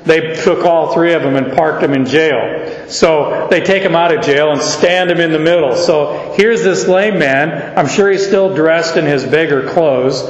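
A man preaching an expository sermon to a congregation, speaking slowly and deliberately and joking with his listeners. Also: on the high side. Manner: slow, deliberate, jokes with the audience. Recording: echoey hall, slightly dull.

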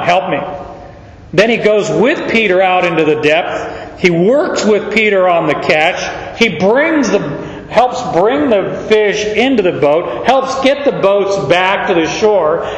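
Slow, emphatic older preacher in echoey hall. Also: male voice, sits high. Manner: slow, emphatic, dramatizes scripture quotes. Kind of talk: expository sermon. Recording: roomy, long reverb, dull sound.

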